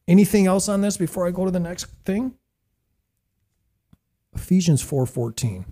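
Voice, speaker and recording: A middle-aged man hosting a casual faith talk, preachy and excitable. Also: high-pitched, normal speed. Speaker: host.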